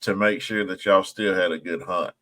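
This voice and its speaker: A podcast host with a low-pitched voice responds to his guest's story. He speaks slowly and thoughtfully, with short agreeing interjections. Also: steady tone, fairly bright tone. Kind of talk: casual chat.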